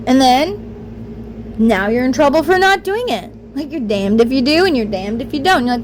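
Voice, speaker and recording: A woman's voice: sits high, lively intonation, normal speed, slight background noise. A woman vlogger talking candidly in a rambling, emphatic way and acting out the voices she quotes. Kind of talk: candid personal monologue.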